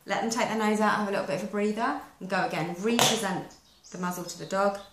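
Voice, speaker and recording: A woman's voice: mid-range voice, fairly even intonation, quick pace, fairly bright tone. Chatty woman in an echoey room. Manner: chatty, practical step-by-step explaining. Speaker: dog trainer. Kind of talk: instructional how-to video. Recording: echoey room with faint noise.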